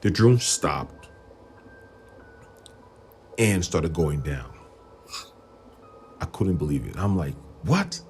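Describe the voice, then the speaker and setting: Deep-voiced man telling a story. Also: takes it slowly, creaky, pauses often, soft background music. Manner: animated, rambling, quotes people in raised voices. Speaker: livestream host. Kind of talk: casual storytelling on a livestream.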